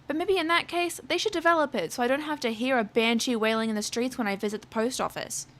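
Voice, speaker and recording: A woman's voice: high voice, fast talker, fairly bright tone. A young adult woman telling a storytime rant in a sarcastic, profane way. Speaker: vlogger.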